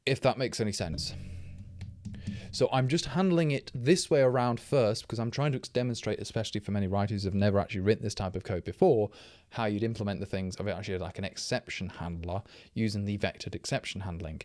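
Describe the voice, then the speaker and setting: A slightly low-pitched man talks through live coding and rambles as he works. He is a little tipsy from drinking and keeps stopping to correct himself mid-sentence. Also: quick pace, darkish tone, dry recording. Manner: rambling, thinking aloud, self-correcting. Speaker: programmer streaming live.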